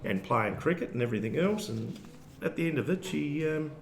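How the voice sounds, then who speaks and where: An Australian man with a gravelly edge to his voice co-hosts a live show at a club, rambling and cracking jokes as he goes. The room is echoey, so his words ring a little. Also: fairly high pitch, animated, fairly quick. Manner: jokey, rambling, restarts. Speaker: co-host. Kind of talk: casual banter. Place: rugby club function room.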